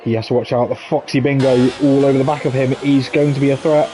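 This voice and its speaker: A man commentating live on a sim racing league, chatty and jokey with quick asides. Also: medium pitch, steady tone, mellow, slight background noise. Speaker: esports race commentator.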